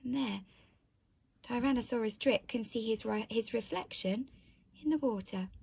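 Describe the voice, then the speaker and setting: A woman teacher reading a picture book to children, gentle and asking them questions. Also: fairly high pitch, moderate pace, creaky, husky, dry recording.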